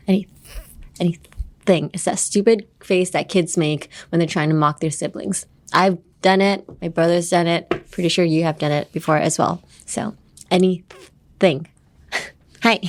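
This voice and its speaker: A woman's voice: fairly low pitch, steady tone, moderate pace. Playful woman teaching English. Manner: playful, teasing, laughs often; switches between English and Japanese. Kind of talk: podcast English lesson.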